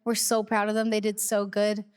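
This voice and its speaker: A woman in her thirties co-hosting a live podcast on stage before an arena crowd, talking fast and excitedly, with many fillers. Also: medium pitch. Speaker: podcast co-host. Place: large arena, live audience.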